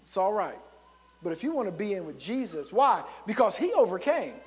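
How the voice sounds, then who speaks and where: A man preaching a rousing sermon, his voice sitting high for a man. He keeps calling out to his congregation. The sound rings with the long reverb of a large hall. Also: big pitch swings, fairly quick.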